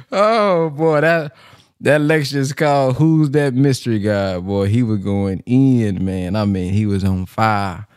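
Male host, mid pitch, loose and chatty, laughs a lot; dry close sound. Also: a little slow, darkish tone, smooth, no echo. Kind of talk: casual live-stream chat.

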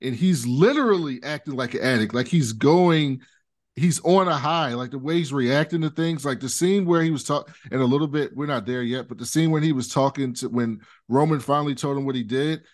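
A man's voice: mid-range voice, fairly quick. A man co-hosting a podcast, casually recapping a TV episode in a loose, rambling way with many fillers. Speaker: podcast co-host.

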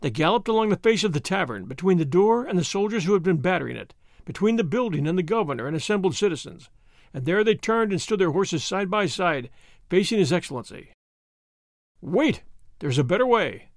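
A man narrating a classic adventure novel as an expressive audiobook host. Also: high voice, fast, no room sound, studio quality.

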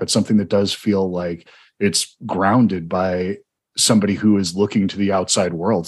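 The speaker is a Southern-accented man from Georgia hosting a film podcast, his voice low-pitched and slightly rough. He chats eagerly in a conversational interview about film, often rambling and restarting.

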